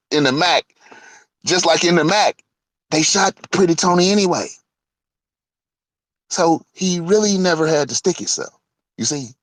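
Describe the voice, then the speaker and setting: Man, profane heated rant, lively up-and-down pitch, dry close sound. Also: dry recording. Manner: heated, profane, swings from loud to muttering; lively pitch, laughs between points. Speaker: online show host. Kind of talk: casual rant.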